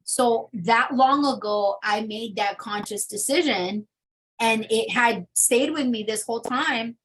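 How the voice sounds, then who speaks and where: A woman's voice: mid-range voice, a bit bright, poor audio. A young adult woman telling her personal testimony in an interview, candid and full of fillers. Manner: candid storytelling with many fillers. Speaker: interview guest.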